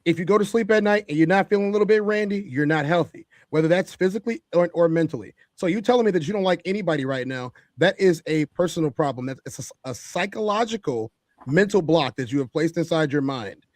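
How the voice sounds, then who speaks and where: A man's voice: on the high side, expressive, fast, no echo. A man co-hosting a talk show, giving opinionated commentary in an emphatic, preachy way and repeating his points for effect. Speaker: podcast co-host.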